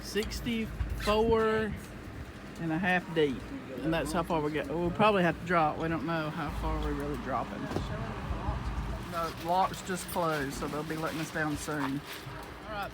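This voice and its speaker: A man with a Southern US accent, narrating a casual vlog of his trip with loud, folksy, excitable call-outs. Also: fairly high pitch, normal speed. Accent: Southern US (Alabama). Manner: excitable, calls out loudly, folksy. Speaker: vlogger filming his trip. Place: outdoors by a lake and on a boat. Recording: noisy outdoor camera audio.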